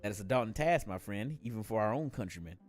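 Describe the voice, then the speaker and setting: A man's voice: fairly low pitch, lively intonation, fast talker, faint music behind, lightly acted. A man reading aloud as an earnest male former resistance fighter in a video game, speaking formally and stumbling over a few words.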